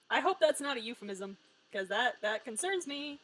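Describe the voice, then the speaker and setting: A woman's voice: on the high side, animated, normal speed, a bit bright, poor audio. A woman live-streaming a story game, giving wry, joking commentary and swearing freely. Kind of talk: casual live-stream commentary, reading game lines aloud.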